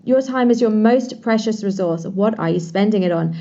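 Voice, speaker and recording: A woman's voice: mid-range voice, moderate pace, warm tone, lo-fi sound. A woman speaking as a guest on a casual podcast interview, eager and flowing, with many fillers. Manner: enthusiastic, talks in long flowing runs with many "like"s. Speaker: podcast guest, pleasure coach.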